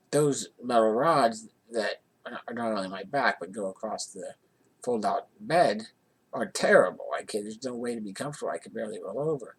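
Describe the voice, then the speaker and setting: A man tells a casual personal story in a rambling way, often restarting his sentences. His voice sits at an ordinary mid pitch. He comes across as an easygoing vlogger. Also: fairly bright tone, slightly rough. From Johnstown area, USA.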